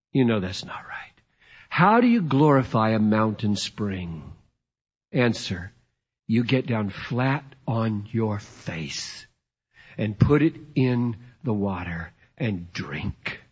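A middle-aged man preaching a sermon in an emphatic storytelling way, swinging from loud to hushed. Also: medium pitch, slightly rough. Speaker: pastor. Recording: dull lo-fi sermon recording.

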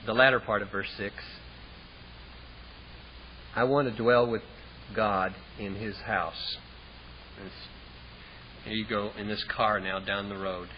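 A man preaching a sermon, telling a vivid story and dropping low and quiet for the characters' lines. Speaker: pastor. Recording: dull, hissy lo-fi recording.

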